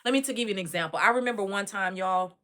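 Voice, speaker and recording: Texas woman host, bright voice, lively colloquial storytelling, commentary. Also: medium pitch, rapid-fire. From Dallas, Texas. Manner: animated storytelling, Southern colloquial speech. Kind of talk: casual spoken commentary.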